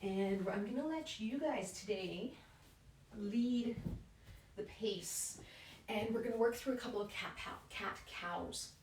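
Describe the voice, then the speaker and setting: A woman leading a yoga class in a calm, encouraging way, often checking in with "right?". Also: mid-range voice, measured pace, a little hiss or hum. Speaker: yoga instructor. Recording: roomy echo, mic at a distance.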